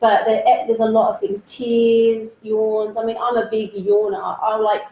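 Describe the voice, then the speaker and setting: A woman with a fairly high voice hosts in a chatty, playful way, full of fillers and jokes. Her voice carries an echoey room sound with faint ambience behind it. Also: flat delivery, unhurried, warm tone, a little hiss or hum. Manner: chatty, playful, frequent "like" and "you know". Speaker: stand-in host. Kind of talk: casual conversation.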